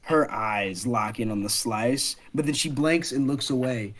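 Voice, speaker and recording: A man's voice: mid-range voice, a little slow, a bit bright. A man narrating as game master of a tabletop role-playing game, casual and given to swearing.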